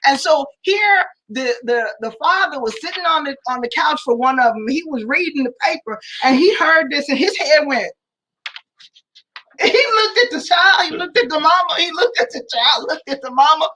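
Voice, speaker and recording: A woman's voice: high-pitched, expressive, moderate pace, bright, forceful tone, rough recording. A woman co-hosting a family talk livestream, telling stories animatedly and calling her viewers y'all. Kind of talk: casual livestream chat.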